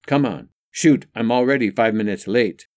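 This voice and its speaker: A man's voice: mid-range voice, moderate pace, a little mellow, lightly acted. A male narrator voicing a frank, wry young single mother in an audiobook story.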